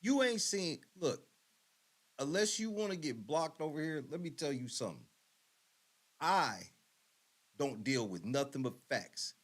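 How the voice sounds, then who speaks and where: A man's voice: on the high side, animated, unhurried, pauses often. A man hosting a podcast, reacting to a clip with blunt, profane, mocking commentary. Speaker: podcast host. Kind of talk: casual commentary.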